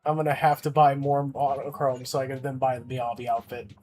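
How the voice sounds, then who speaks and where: A man streaming a game live, chatting casually, grumbling and swearing, then cheering loudly at wins. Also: mid-range voice, fairly quick, soft background music. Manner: swings between grumbling and excited cheering, swears often. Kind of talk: live-streamed gaming chat.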